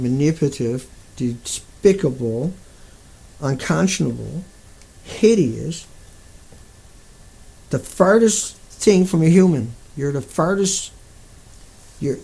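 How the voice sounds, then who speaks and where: Angry guy ranting on his channel, gravelly voice, kinda high, swearing nonstop. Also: darkish tone. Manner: furious, profane, insulting. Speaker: video blogger. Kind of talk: angry profane rant to camera.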